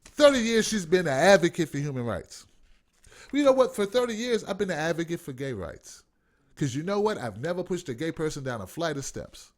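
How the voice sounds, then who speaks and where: A man's voice: a little high, sing-song, brisk. A man hosting an online show, ranting with sarcastic, profane commentary. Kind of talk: livestream commentary rant.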